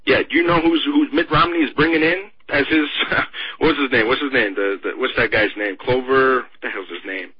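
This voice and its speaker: A man talking politics in casual chat, sarcastic and mocking, with a husky voice. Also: mid-range voice, moderate pace, no echo. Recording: dull lo-fi radio sound.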